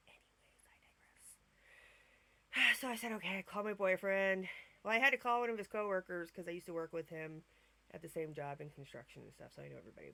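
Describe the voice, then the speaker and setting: A woman's voice: fairly low pitch, vocal fry, sharp tone. A woman in her thirties telling a rambling, self-mocking story in a casual vlog, swearing freely and drifting off topic. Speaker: vlogger. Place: at home, in bed.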